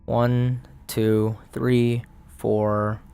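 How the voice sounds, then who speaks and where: A man playing a solo tabletop game, muttering dice counts aloud and narrating the results in a relaxed, casual way. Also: medium pitch, extremely slow, vocal fry, smooth. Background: faint background music.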